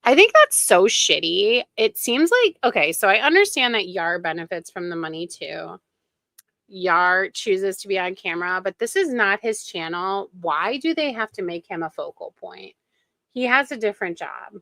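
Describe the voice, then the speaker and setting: A woman's voice: mid-range voice, animated, normal speed, gravelly, pushed and bright, no room sound. A woman streamer giving snarky, gossipy commentary while reacting to videos.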